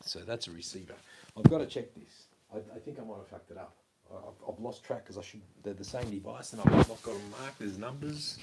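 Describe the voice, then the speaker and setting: A man's voice: on the low side, fairly quick, gravelly, very noisy. Man rambling while tinkering. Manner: chatty, swears freely, talks to himself while tinkering. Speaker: livestream host. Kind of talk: casual rambling livestream talk. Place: walking around a house, down a hallway. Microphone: wireless mic.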